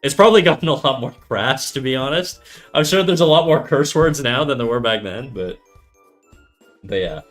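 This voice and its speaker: A man's voice: medium pitch, expressive, moderate pace, a bit bright, soft background music. A man on a casual livestream, rambling, restarting sentences and cursing casually as he chats. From Canada. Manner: rambling, self-correcting, joking, swears casually. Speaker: streamer teaching drawing.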